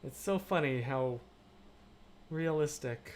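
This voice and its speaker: A man hosting a livestream, chatting casually and reading viewer comments, rambling and animated, swinging between loud and hushed. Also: on the high side, takes it slowly, a little hiss or hum. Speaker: livestream host.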